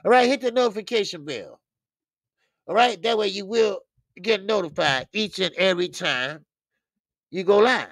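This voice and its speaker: A man's voice: high-pitched, lively intonation, normal speed, pauses often, fairly bright tone, dry recording. A man hosting a boxing livestream in loose, talkative chat, laughing often and repeating himself. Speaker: boxing channel host.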